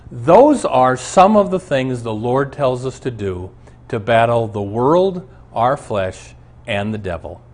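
A man's voice: medium pitch, big pitch swings, takes it slowly. A man who is a pastor, teaching a Bible lesson on a show and telling stories from his own life in an earnest preaching manner.

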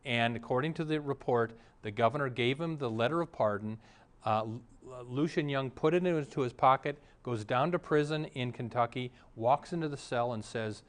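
A man's voice: mid-range voice, normal speed. A middle-aged male pastor preaching a sermon, telling stories and briefly acting out the voices of the people in them. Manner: storytelling preacher, acts out quoted voices.

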